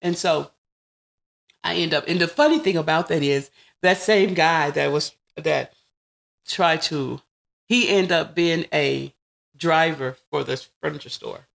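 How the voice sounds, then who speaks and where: A woman in her forties, a podcast guest, telling personal stories in a casual, animated way and acting out what people said. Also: low voice, a little slow, creaky. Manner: animated, acts out quoted dialogue. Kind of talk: casual interview storytelling.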